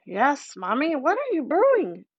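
A woman's voice: high-pitched, wildly swooping pitch, unhurried, no room sound, dull audio, voice pushed up, heavily acted. A woman voicing an impish, wizened fairy changeling baby boy who speaks in a very old man's voice. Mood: wheedling.

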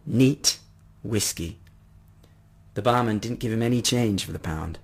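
A man narrating a first-person story in an expressive reading voice. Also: on the low side, fast, vocal fry, husky.

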